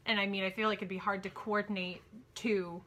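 A woman's voice: medium pitch, little pitch movement, fairly quick, a bit bright. A woman guest reviewer chatting casually about a film, teasing and dry. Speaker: guest reviewer, host's wife. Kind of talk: casual conversational movie review.

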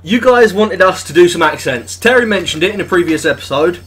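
A man's voice: sits high, expressive, brisk, fairly bright tone, breathy edge. A young British man hosting a let's play, bantering crudely with his co-host over gameplay. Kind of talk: casual gaming commentary.

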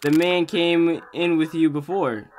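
A woman's voice: low voice, unhurried, a little mellow, a little hiss or hum. A woman voicing a courteous, apologetic cashier at a late-night takeaway in a horror game. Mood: polite.

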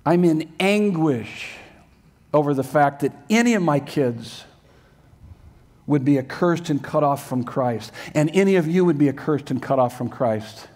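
An older man preaches to his congregation in a church sanctuary. His voice sits on the higher side. He talks in an earnest, emphatic way and presses his listeners with rhetorical questions. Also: lively intonation, measured pace, a little mellow. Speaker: pastor. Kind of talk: sermon.

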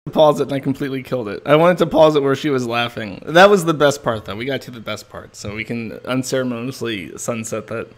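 A man's voice: medium pitch, quick pace, few pauses. A man hosting a live stream, giving rambling, profane, amused commentary on a clip. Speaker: streamer and host.

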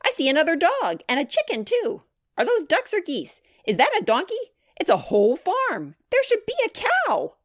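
A woman voicing an excitable little girl who talks in high, loud exclamations for a children's storybook. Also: a little slow, hardly any pauses, dry recording, clean studio sound, exaggerated voice. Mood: excited. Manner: squealing, exclamatory.

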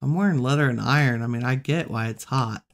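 A woman hosting a relaxed let's-play, musing aloud and chatting to the animals she meets in the game. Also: a bass voice, brisk. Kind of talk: relaxed gameplay commentary.

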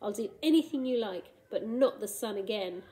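A woman's voice: medium pitch, lively intonation, moderate pace, warm tone, lightly acted, rough recording. A woman doing a pleading, beaten space dragon. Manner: pleading, mournful. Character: exhausted, defeated male space dragon monster.

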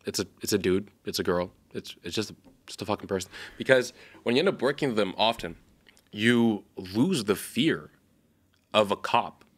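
A young man with a lowish voice tells a long story on a casual podcast. He rambles, circles back and corrects himself, and he laughs easily. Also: animated, normal speed, breathy edge. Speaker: podcast co-host.

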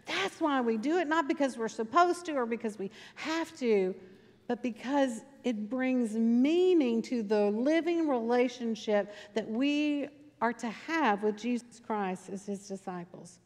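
In a church sanctuary full of long reverb, a woman pastor shares her sermon like a story, repeating key points for emphasis. Her voice is expressive, a little mellow, and slightly high for a woman, and she keeps a measured pace.

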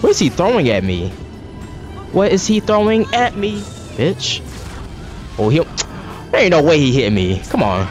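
A man's voice: on the high side, wildly swooping pitch, moderate pace, long pauses, a little mellow, faint music behind. A man giving profane, exasperated running commentary while playing a video game. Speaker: gaming streamer. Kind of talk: live gameplay commentary.

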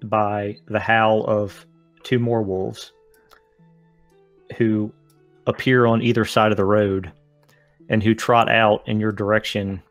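A man narrating a tabletop game as game master, with dramatic descriptions and filler pauses. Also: lowish voice, little pitch movement, soft background music.

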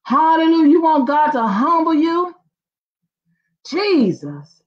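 A high-voiced woman preaches a sermon, her pitch leaping and dropping as she calls out hallelujah. She takes her time between phrases. The recording sounds dull and lo-fi. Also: sing-song, takes it slowly, pauses often. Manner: exclamations of hallelujah, rising and falling emphasis.

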